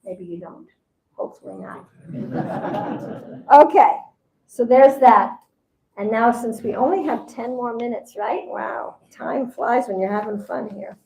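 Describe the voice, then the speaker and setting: A woman's voice: fairly high pitch, unhurried, vocal fry, a little mellow, slight background noise. A woman teaching at a spiritual seminar in a conversational way, often acting out what people say. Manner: conversational, acts out quoted voices. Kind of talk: seminar talk. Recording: roomy echo.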